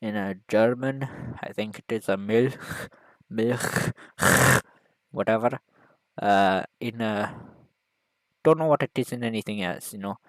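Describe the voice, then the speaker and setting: A man giving a mock lecture in a video, rambling and hesitant, full of fillers, deadpan, with broken grammar. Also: on the low side, a little slow, dry recording, rough recording. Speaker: video maker.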